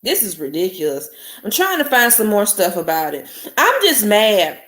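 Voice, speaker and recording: A woman's voice: medium pitch, wildly swooping pitch, moderate pace, fairly bright tone. A woman hosting a live stream, ranting angrily and bluntly with profanity while greeting chat viewers. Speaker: podcast host. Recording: echoey room.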